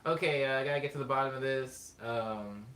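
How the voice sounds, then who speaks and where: A man's voice: mid-range voice, brisk, fairly bright tone. A young man casually chatting on a live stream from his small bedroom, reading viewer comments and rambling with frequent self-corrections.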